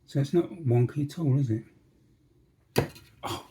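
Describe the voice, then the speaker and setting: There's background noise as a man with a medium-pitched voice and measured pace works on a model at his bench. He's a railway modelling enthusiast, chatty and joking as he talks himself through the casual demonstration.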